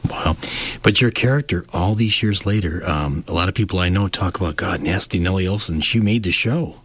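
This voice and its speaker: A man's voice: sits low, fairly quick, a bit bright, a little hiss or hum. A man hosting a talk show interview, reacting to his guest with emphatic interjections.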